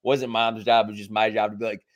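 A man's voice: lowish voice, quick pace. A man telling party stories in a chatty, easygoing way. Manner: animated storyteller, acts out quoted lines. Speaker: podcast co-host. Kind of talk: casual storytelling chat.

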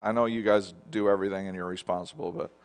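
Talking fast yet smoothly and keeping a steady tone, a middle-aged pastor preaches a sermon. He alternates quiet, low sections with loud declarations and keeps asking the congregation questions.

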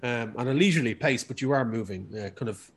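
A man's voice: medium pitch, lively intonation, quick pace. Rambling man running a tabletop game. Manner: loose and rambling, many fillers. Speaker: game master.

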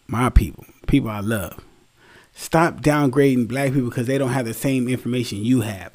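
Speaking in a mid-range, somewhat mellow voice, a weary young man holds forth alone as a commentary host. His monologue is loose, slangy and opinionated, blunt and offhand, with plenty of swearing.

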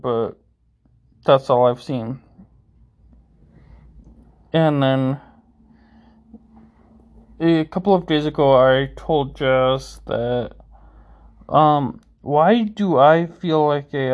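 A streamer talking through personal struggles in a halting way, full of fillers and restarts. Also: medium pitch. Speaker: streamer host. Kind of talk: personal vlog monologue. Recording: dull lo-fi sound.

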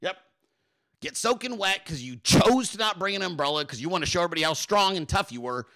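A podcast host ranting through political commentary in a profane, mocking and sarcastic way. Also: male voice, high voice, expressive, fast talker, pushed and bright.

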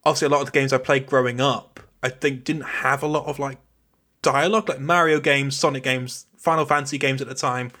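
A man's voice: mid-range voice, fairly even intonation, fairly quick, bright, forceful tone. A man hosting a podcast, chatting casually and rambling through his thoughts. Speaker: podcast host.

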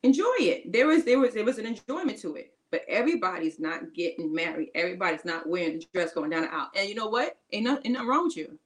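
Her mid-range voice is expressive and quick, with few pauses, captured on a rough recording. The woman co-hosts a faith-based podcast, speaking informally with casual grammar, encouraging listeners emphatically and circling back to her key phrases.

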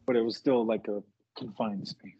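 A man co-hosting a casual podcast chat, laying out his argument in a measured, lengthy way. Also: on the low side, fairly even intonation, dark tone, husky. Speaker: podcast co-host. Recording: dry, dull lo-fi podcast audio.

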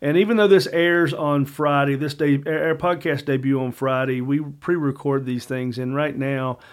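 A man's voice: mid-range voice, fairly even intonation, normal speed. A man, a combat veteran co-hosting a podcast, talking with barely held anger and heat. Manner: angry, heated, emphatic. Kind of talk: casual podcast talk.

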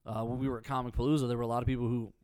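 A man co-hosting a podcast, telling animated stories in casual chat. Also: mid-range voice, very fast, clear, resonant tone, dry recording, studio quality. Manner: animated storyteller. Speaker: podcast co-host.

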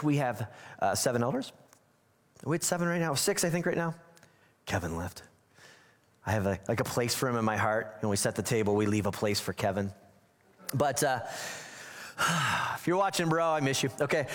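Guy pastor preaching casual, echoey church hall sound, acts out quotes. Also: lowish voice. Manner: conversational, self-deprecating, acts out quotes. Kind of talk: sermon. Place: church sanctuary.

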